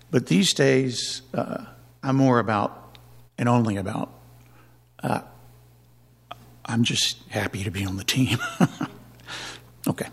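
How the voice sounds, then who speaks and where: A man's voice: mid-range voice, vocal fry, husky. A man giving a rambling personal testimony in church, with many restarts and chuckles.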